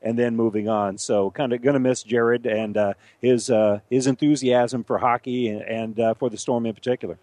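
A male sports radio co-host in casual talk, animated and a little halting as he restarts his sentences. His voice sits mid-pitch, recorded dry and close in a studio. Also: no echo.

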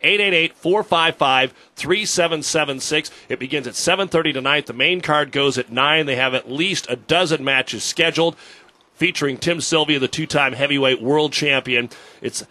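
Bright-voiced male sports radio host. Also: on the high side, normal speed. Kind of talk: casual sports radio chat.

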